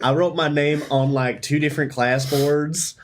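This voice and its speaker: A man's voice: fairly high pitch, steady tone, a crowd in the background, lightly acted. A man doing a scheming fifth-grade boy. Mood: boastful. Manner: fast, eager, pleading in-character talk. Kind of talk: tabletop role-play.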